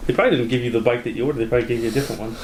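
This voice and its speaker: A man's voice: mid-range voice, racing, a little mellow, roomy sound, slight background noise, low-quality recording. Teasing, foul-mouthed man. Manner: swearing, teasing, interrupts with jokes. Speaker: podcast co-host. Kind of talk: casual banter.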